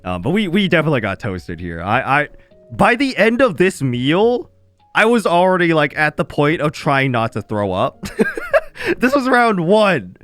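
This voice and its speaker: A man's voice: a little high, normal speed, no echo, faint music behind. A young man streaming, telling a casual story to his chat with lots of laughter and swearing. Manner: animated, laughs often, swears freely.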